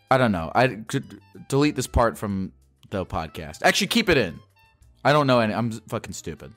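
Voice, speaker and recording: A young man hosting a call-in podcast, rambling and self-mocking, his voice jumping up when he gets excited. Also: fairly low pitch, fairly quick, faint music behind. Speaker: podcast host taking calls. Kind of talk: casual call-in chat.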